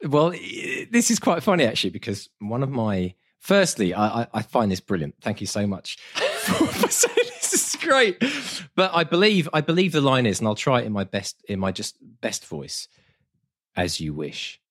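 Man, podcast co-host, eager casual chat, repeats words, husky voice. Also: mid-range voice, wildly swooping pitch, normal speed, fairly bright tone. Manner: enthusiastic, repeats words when starting.

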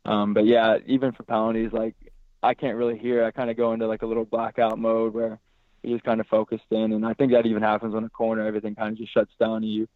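A man's voice worn hoarse and raspy from yelling, relaxed and rambling. He is heard over a thin, phone-like line with a dry, close sound. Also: fairly low pitch, fast talker, no echo. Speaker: goalkeeper guest. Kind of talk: casual interview.

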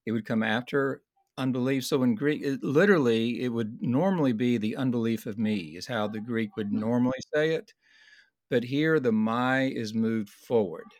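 A man's voice: mid-range voice, a little mellow, dry recording, clean studio sound. Earnest man explaining scripture. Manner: earnest, explanatory, slows to stress key points. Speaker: Bible study teacher. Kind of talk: conversational Bible study discussion.

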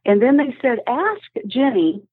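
A woman's voice: fairly high pitch, big pitch swings, measured pace, no room sound. A woman guest telling animal stories with enthusiasm on a podcast, heard over a phone line. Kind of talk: storytelling interview guest. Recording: husky tinny phone line, dry.

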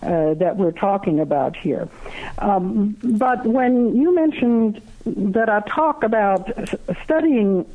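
A guest author speaks slowly and pauses often, stopping and restarting sentences. The voice comes through a tinny phone line with a thin, narrow sound. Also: mid-range voice, expressive. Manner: halting, many fillers and restarts. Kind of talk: interview answers.

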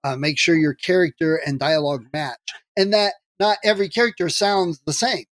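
A man hosting a podcast interview, agreeable and quick with short replies. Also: a little high, fairly bright tone, dry recording, clean studio sound. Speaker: podcast host. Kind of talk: casual interview chat.

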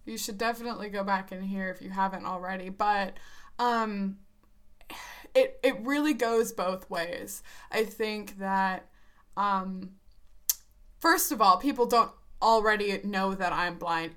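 Bright-voiced woman chatting frankly. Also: mid-range voice, measured pace. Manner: chatty, frank, laughs often. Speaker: podcast co-host. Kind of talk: casual chat.

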